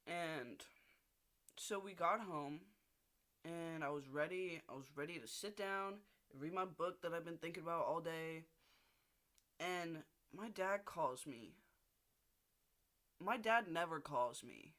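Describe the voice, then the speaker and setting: A man's voice: on the high side, slow, long pauses, sharp tone. A young man ranting casually in a video diary, swearing often and rambling with restarts. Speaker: video diarist.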